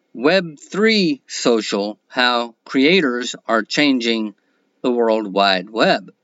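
A man's voice: medium pitch, a bit bright, dry recording, dull audio. A man hosting a solo podcast, talking plainly and counting his points off one by one. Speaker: podcast host.

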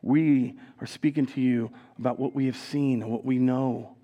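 A man preaching a sermon in a church as pastor, telling stories with animated delivery and acted-out voices. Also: mid-range voice, moderate pace, highs cut off. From Minnesota. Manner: animated storytelling, acting out voices, laughs.

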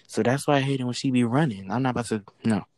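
A woman who works a fast-food drive-thru window, telling a work story in casual chat, acting out the quoted exchanges and swearing freely. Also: extremely low pitch, darkish tone, rough recording.

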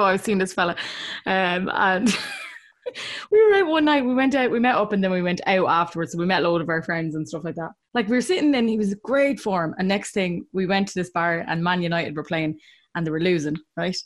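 A woman's voice: lowish voice, lively intonation, normal speed. A young Irish woman hosting a podcast, telling funny stories and laughing through them. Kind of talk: casual chat.

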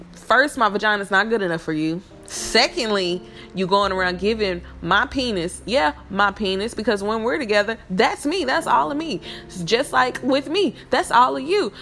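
A woman's voice: fairly high pitch, a bit bright. A woman venting in a blunt, heated, profane casual monologue.

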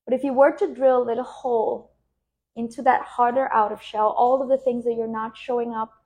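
Soft-spoken woman coach guiding a meditation. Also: a little high, flat delivery. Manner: slow, soothing, reflective. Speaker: podcast host and business coach. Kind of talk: guided relaxation and coaching monologue.

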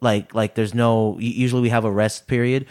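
A man's voice: on the low side, level tone, fairly quick, darkish tone, clear, resonant tone. A young man co-hosting a podcast, chatting casually, rambling with restarts and swearing freely. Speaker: podcast co-host. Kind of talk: casual chat.

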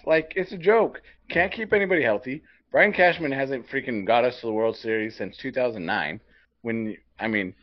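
A man on a sports podcast, ranting with fire and swearing in nearly every sentence. His voice sits a little high for a man. The audio is dull and lo-fi. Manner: profane, fired-up ranting. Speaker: podcast co-host. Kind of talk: heated sports rant.

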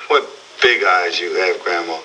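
Flirty wisecracking guy in a 1940s film, crisp bright tone, faint hiss. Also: deep voice, unhurried, exaggerated voice. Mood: teasing. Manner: mocking, teasing. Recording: distant hissy 1940s film soundtrack.

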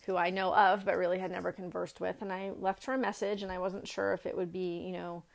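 A woman's voice: fairly low pitch, level tone, fast, creaky. A middle-aged woman earnestly telling a personal family story, reflective, with many fillers and restarts.

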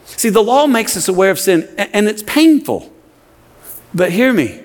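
Long reverb from a big hall surrounds this pastor's high, very animated voice as he preaches in a church sanctuary. Speaking at normal speed, he delivers an impassioned sermon, pressing his points with frequent repetition.

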